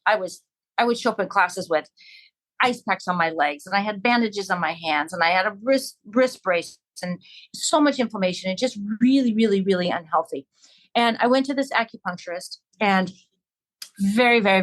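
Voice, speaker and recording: A woman's voice: mid-range voice, a bit bright, low-quality recording. A woman talking earnestly and reflectively in a casual podcast conversation.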